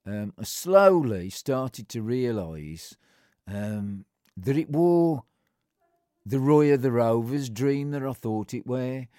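A man's voice: mid-range voice, expressive, slow, dark tone, dry recording, studio quality. An older man, telling a rambling personal story in a conversational way, with many fillers and restarts.

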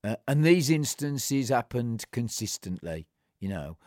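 An older man tells his own story in a blunt, plain-spoken, colloquial manner. He acts out the old exchanges by raising and dropping his voice. His voice sits at a middling pitch, and the sound is close and dry. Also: sing-song, unhurried, dry recording. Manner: acts out remembered exchanges with shifting pitch and loudness. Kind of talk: recounting a personal story.

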